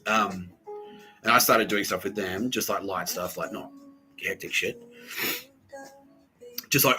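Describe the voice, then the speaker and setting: A man's voice: lowish voice, measured pace, pauses often, bright, forceful tone, soft background music, rough recording. A man hosting a podcast, telling a rambling personal story full of swearing, fillers and nervous laughs. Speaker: podcast host.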